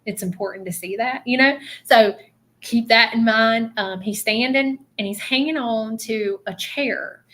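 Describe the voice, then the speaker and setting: A woman hosting a live stream as a psychic medium. She rambles and repeats herself with animated energy. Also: fairly high pitch, a little slow. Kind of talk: live-stream reading with viewers.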